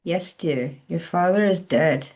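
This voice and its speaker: A woman reading aloud, voicing a tender older countrywoman with a broad rural dialect who speaks slowly and soothingly. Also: on the low side, a little mellow, close to an everyday voice. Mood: coaxing. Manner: slow, soothing, coaxing.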